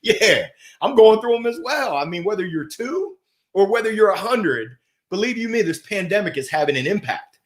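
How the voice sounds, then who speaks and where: A man hosting a motivational livestream, talking with playful energy and giving shout-outs to viewers. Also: high voice, big pitch swings, normal speed. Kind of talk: upbeat motivational livestream talk. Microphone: gold microphone.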